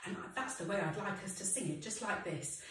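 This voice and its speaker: A woman leading a children's singing session, explaining in a lively way between sung lines. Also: medium pitch, fairly quick, far from the mic, background noise. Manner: expressive, alternating spoken instructions with sung lines. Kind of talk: leading a children's sing-along. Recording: echoey room, voice slightly off-mic.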